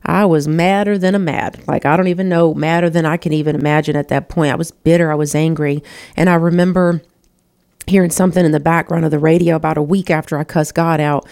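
A woman's voice: sits low, steady tone, fast, darkish tone. A woman hosting her own show, telling a personal testimony in an emotional, earnest way and talking to listeners as "y'all.". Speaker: show host.

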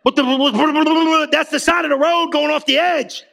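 A man with a high, gravelly voice preaches by telling a story, full of slang and playful asides. He acts out the dialogue with sudden jumps in pitch. His tone stays bright and edgy. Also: steady tone, unhurried. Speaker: pastor. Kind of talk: comedic storytelling sermon.

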